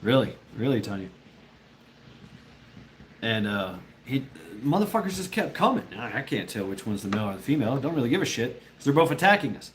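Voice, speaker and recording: A man's voice: mid-range voice, very animated, a little fast, a little hiss or hum. A man telling a rambling, profane story in casual chat with his viewers, often laughing. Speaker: livestreamer chatting with viewers.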